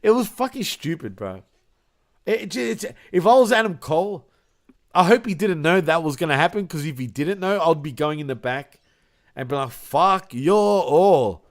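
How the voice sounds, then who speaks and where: Man, slightly high voice, laughs a lot, says bro constantly, crude casual podcast banter. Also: lively intonation, moderate pace. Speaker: podcast co-host.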